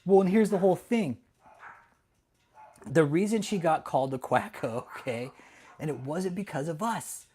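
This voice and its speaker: A man's voice: a little high, animated, moderate pace, pauses often, dark tone, a little hiss or hum. Profane, heated man streaming to chat. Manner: profane, heated, laughs often; talks directly to chat viewers. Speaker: livestream host. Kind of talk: casual livestream commentary to chat.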